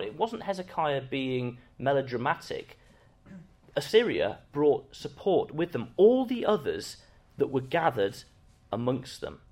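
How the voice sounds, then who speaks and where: Male preacher, lively intonation, leans on every scripture line. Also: fairly high pitch. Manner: reads scripture slowly with emphasis. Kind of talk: bible teaching sermon.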